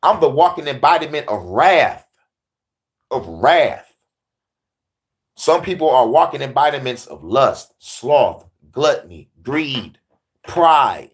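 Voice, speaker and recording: A man's voice: medium pitch, very animated, takes it slowly, pauses often. A man hosting a casual comedic rant, swearing freely, laughing often and hammering his points. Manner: profane, laughing, emphatic. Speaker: host.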